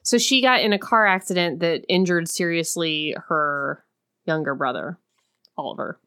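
A woman co-hosting a casual chat, expressive and given to mock-exasperated rants. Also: on the low side, moderate pace, clean tone. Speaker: podcast co-host.

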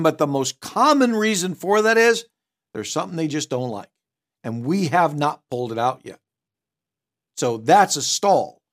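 A middle-aged man teaching a sales training session, direct and emphatic, with punchy asides. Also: high voice. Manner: switches tone to act out customers. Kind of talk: recorded training seminar.

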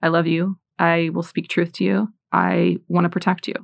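A woman's voice: fairly low pitch, flat delivery, moderate pace, creaky, no echo. A woman in her forties giving a Catholic faith talk, telling personal stories in an earnest way and reading scripture aloud. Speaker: Catholic speaker.

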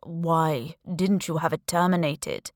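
A woman voicing a heartless male assassin with a slow, flat, cold delivery in an audiobook. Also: low-pitched, dry recording, clean studio sound. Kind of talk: audiobook character voice.

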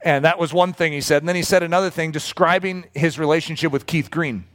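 A middle-aged man delivering a storytelling sermon, his voice sitting a little high for a man. He talks in an animated way, breaking into lively acted-out quotes as he recalls past events. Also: fast. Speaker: preacher.

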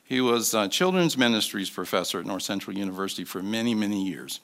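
A man in his sixties preaching as a guest speaker, telling a personal story with soft asides and emphatic bursts. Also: fairly low pitch, expressive, fast. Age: 60s. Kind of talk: sermon.

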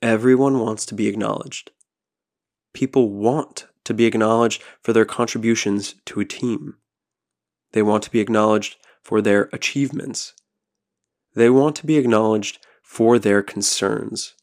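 A man hosts his own podcast alone, talking in a calm and thoughtful way. His voice has a gravelly edge. He keeps pausing to ask the listener questions. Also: fairly low pitch. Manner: calm, reflective, asks rhetorical questions. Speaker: podcast host. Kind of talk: solo podcast monologue.

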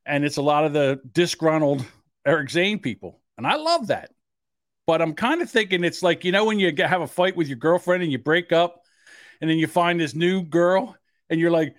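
A man in casual podcast banter with a lively, bouncing voice that rides a bit high. He jokes, laughs easily and drops into silly mock voices. The sound is close and dry. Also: normal speed, no echo. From Irish. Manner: jokey, laughs often, slips into mocking voices. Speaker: podcast co-host.

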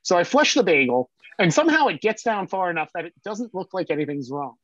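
A man's voice: high-pitched, very animated, brisk, a bit bright, dry recording, highs cut off. A man from South Jersey, a podcast guest, telling stories in a rambling way full of fillers. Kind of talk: casual storytelling.

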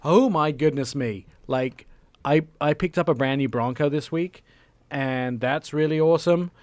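Rambling enthusiastic radio host. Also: male voice, on the high side, measured pace, no room sound. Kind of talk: casual radio chat.

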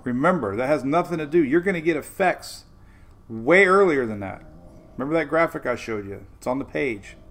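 A man's voice: on the high side, animated, normal speed, a bit bright. A man hosting a casual live weather update, talking directly to his viewers in a chatty, informal way and often repeating himself. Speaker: weather show host.

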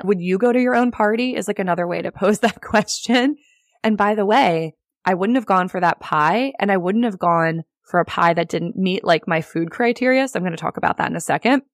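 Chatty low-voiced woman podcaster. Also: dry recording, studio quality. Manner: chatty, upbeat, frequent "like" and laughs. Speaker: podcast host and real estate agent. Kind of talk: casual solo podcast teaching.

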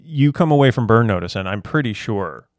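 A man's voice: fairly low pitch, animated, fairly quick, dry recording, studio quality. A man co-hosting a podcast in casual chat, enthusiastic and often trailing off to restart. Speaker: podcast co-host.

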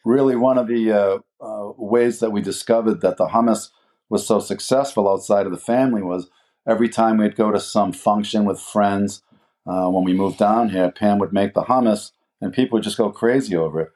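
A man in his sixties with a lowish, mellow voice, speaking as an interview guest. He rambles through his story with plenty of uhs and restarts. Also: normal speed. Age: 60s. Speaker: guest, food business co-owner. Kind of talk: casual interview chat.

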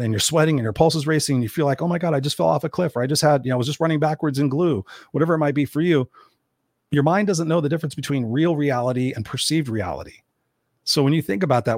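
A man in his fifties talks quickly through an unscripted livestream Q&A, answering viewer comments as a motivational host. He is blunt and energetic, swears freely, and often restarts his sentences. His mid-pitched voice sounds dry and close, with no room echo. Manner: rambling, with many restarts and fillers. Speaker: motivational speaker and show host.

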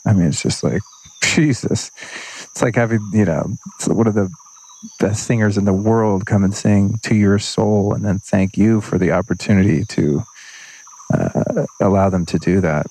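A podcast host speaks alone in a loose, earnest, rambling way and drops the odd swear word. His voice sits very low, with a gravelly fry and a husky edge. He talks like he is thinking out loud. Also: moderate pace. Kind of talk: unscripted reflective monologue.

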